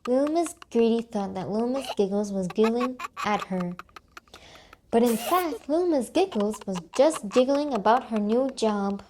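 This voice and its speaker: A woman's voice: a little high, lively intonation, normal speed, background noise. A woman reading a children's story aloud in a cheerful way, stopping to ask young listeners questions.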